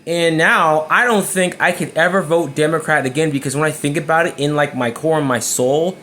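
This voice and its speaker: A man's voice: fairly high pitch, fairly quick, pushed and bright, a little hiss or hum. Emphatic man telling his story. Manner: emphatic, repeats and restarts words. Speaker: vlogger. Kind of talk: personal story to camera.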